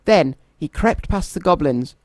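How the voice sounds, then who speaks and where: A man reading a children's story aloud in a gentle, expressive storytelling manner. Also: a little high, unhurried, no echo.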